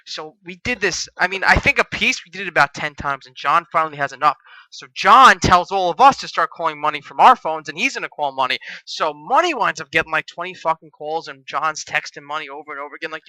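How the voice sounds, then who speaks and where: A young man co-hosting a podcast, telling a profane, animated story in casual chat. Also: fairly high pitch, quick pace, no echo, low-quality recording. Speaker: podcast co-host.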